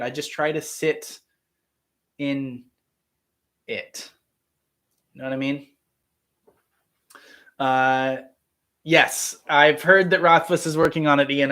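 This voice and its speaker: A man's voice: fairly high pitch, a bit bright. Man explaining things to a live chat. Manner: explanatory, teacherly, checks in with "right?"; pauses with frequent "um" and "uh". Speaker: livestream host answering viewer questions. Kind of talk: casual livestream Q&A.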